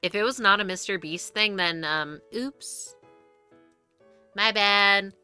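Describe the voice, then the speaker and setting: A woman's voice: medium pitch, moderate pace, pushed and bright, clear, resonant tone, soft background music. A young woman streaming live, chatting casually and rambling with frequent restarts and free swearing.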